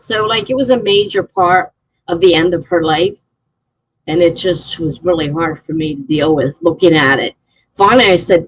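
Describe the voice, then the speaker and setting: Chatty woman with a husky voice. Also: medium pitch, no echo, poor audio. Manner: rambling, chatty storytelling with many fillers. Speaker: live streamer. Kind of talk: casual chat.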